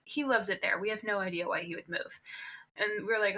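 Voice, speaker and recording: Bright, chatty woman telling an anecdote. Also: mid-range voice, fast talker. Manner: amused, chatty storyteller. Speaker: podcast co-host. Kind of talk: casual chat, telling anecdotes.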